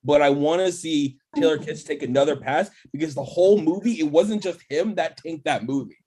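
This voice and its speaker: A man with a slightly high voice in a casual podcast chat. He hesitates and restarts, but keeps pushing his point. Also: brisk, warm tone.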